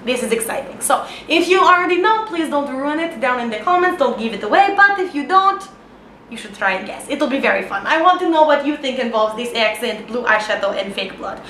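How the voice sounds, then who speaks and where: A woman plays a high-voiced speaker with a thick foreign accent who talks in clipped, broken English. She leaves out her articles as she speaks. The sound is echoey, with a faint background hum. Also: expressive, unhurried, few pauses. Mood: playful. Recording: echoey room.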